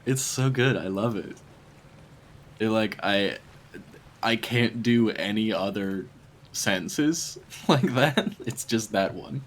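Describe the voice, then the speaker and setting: A man's voice: fairly low pitch, expressive, slow, pauses often. A man chatting casually on a game stream, rambling between puzzles and laughing often. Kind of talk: casual gaming stream chat.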